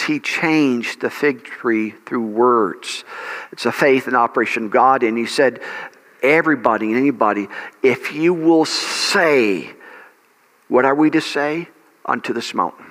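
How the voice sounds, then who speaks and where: A man's voice: mid-range voice, fairly bright tone, big-room sound. A male pastor preaching a sermon, emphatic, repeating key words and putting questions to his congregation. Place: church sanctuary.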